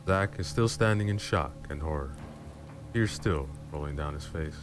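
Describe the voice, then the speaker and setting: Guy with a super low voice reading a story slow and close up, music and rain going behind him. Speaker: storyteller streamer. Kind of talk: dramatic horror story reading. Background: background music and rain.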